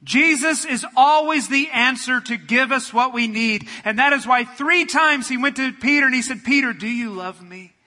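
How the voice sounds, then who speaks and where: A man preaching a sermon, building to loud passionate peaks and dropping to a soft, quiet prayer. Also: very high voice, normal speed, few pauses, in a large hall. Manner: preaching with rising fervor, then quiet prayer. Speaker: pastor.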